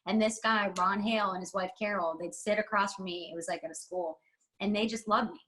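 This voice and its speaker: A woman guest on a podcast, speaking in a heartfelt, emphatic way. She rambles, restarts and stresses her words as she talks openly in an interview. Her pitch sits in an ordinary middle range for a woman. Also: steady tone, fairly quick, fairly bright tone, poor audio. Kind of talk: candid interview talk.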